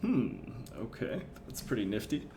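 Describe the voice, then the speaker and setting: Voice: mid-range voice, sing-song, dark tone, slight background noise. A player casually playing a tabletop game, playful and giggly. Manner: playful, giggly, slow-talking.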